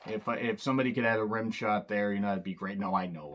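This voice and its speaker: A man's voice: lowish voice, fast talker, fairly bright tone. A man giving a casual, rambling spoken film review, full of sarcastic wisecracks and loose asides. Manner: loose and rambling, with fillers and restarts. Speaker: movie reviewer.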